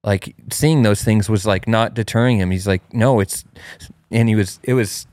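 Male host, 30s, low voice, animated storyteller, dry close sound. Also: normal speed, clean tone, no echo. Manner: animated, acts out his child's cries in a high voice. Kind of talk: casual storytelling chat.

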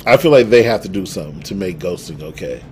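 A man's voice: sits low, animated, fast, a little mellow, slight background noise. A young man co-hosting a podcast, telling stories in a laid-back way with frequent laughs and restarts. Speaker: podcast co-host. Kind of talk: casual chat.

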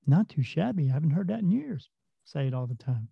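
A man with a gravelly, slightly high voice talks earnestly and casually, swearing now and then. The sound is dry and a little dull, like a cheap lo-fi mic. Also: big pitch swings, fairly quick, no room sound. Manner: earnest, plain-spoken, drops mild swearing. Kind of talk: casual conversational storytelling.

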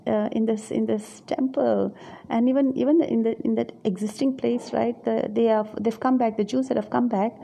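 A woman's voice: a little high, steady tone, moderate pace, vocal fry, mellow, slightly rough. A woman preaching a reflective sermon on scripture, musing aloud and often searching for her words.

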